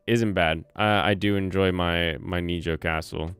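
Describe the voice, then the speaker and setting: A low-voiced man with a faint Southern twang chats slowly on a livestream, wandering through thoughts and correcting himself as he types. His voice is very clear and dry on a close mic, with soft lo-fi music and typing faintly behind. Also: steady tone, no echo. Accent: slight Southern US twang. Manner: rambling, self-correcting, reads chat aloud. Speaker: streamer and channel host. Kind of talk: casual livestream chat while planning. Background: soft lo-fi music and keyboard typing.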